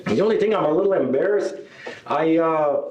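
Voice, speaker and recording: A man doing a live stand-up set, telling rambling deadpan stories and chuckling at his own jokes. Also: on the high side, fairly quick, dull audio. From Northern Ontario. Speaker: stand-up comedian. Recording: roomy hall, mic at a distance.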